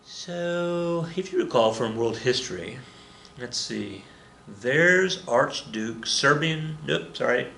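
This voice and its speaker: A man's voice: mid-range voice, animated, takes it slowly, vocal fry, pushed and bright, a little hiss or hum. A man teaching history in a rambling, joking way, often correcting himself as he goes. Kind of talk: recorded classroom lecture. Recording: roomy echo with faint ambience.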